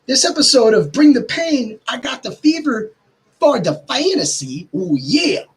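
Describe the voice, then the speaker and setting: A man hosting a podcast, ranting casually and swearing, his pitch jumping up when he gets worked up. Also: sing-song, moderate pace, breathy edge, poor audio. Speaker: podcast host.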